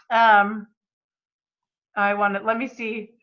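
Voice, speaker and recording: A woman's voice: a little high, moderate pace, muffled recording. A woman hosting a book club, reading passages aloud and commenting with enthusiastic, motivational energy.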